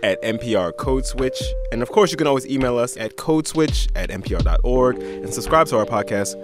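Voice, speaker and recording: A man's voice: mid-range voice, animated, fairly quick. A man co-hosting a public radio podcast, reading credits and signing off casually. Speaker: podcast co-host. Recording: music playing under voice.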